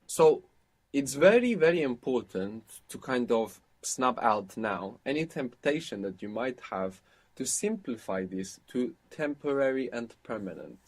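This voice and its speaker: A man with a slightly husky voice gives a spoken language lesson. He explains points patiently and prompts his learner to answer and repeat. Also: medium pitch, big pitch swings, unhurried. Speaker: language teacher.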